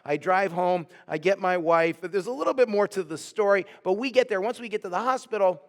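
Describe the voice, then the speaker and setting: Pastor guy telling a story from the pulpit, high voice, long church echo. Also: a little fast. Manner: animated storytelling, acting out quoted voices. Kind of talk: sermon storytelling. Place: church sanctuary.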